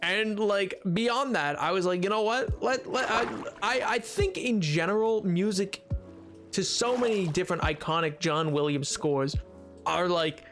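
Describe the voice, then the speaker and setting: A man livestreaming a game, chatting casually to his viewers in an animated, giggly, rambling way. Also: sits high, unhurried, over music. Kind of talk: casual chat while gaming.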